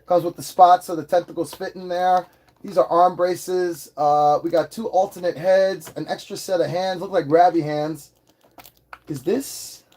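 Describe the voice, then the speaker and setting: A man's voice: high voice, a little slow, a little hiss or hum. Hyper, swearing man reviewing toys. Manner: hyper, excitable, swears freely. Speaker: toy reviewer. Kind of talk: casual livestream toy review.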